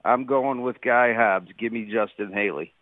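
A man's voice: medium pitch, normal speed, no echo, narrow, tinny audio. A man co-hosting a sports radio show, asking questions and giving picks casually. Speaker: radio co-host.

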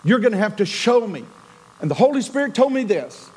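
High-voiced man preaching a sermon. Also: very animated, a little fast, husky, low-quality recording. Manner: dramatic swings from loud to near-whisper. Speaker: pastor.

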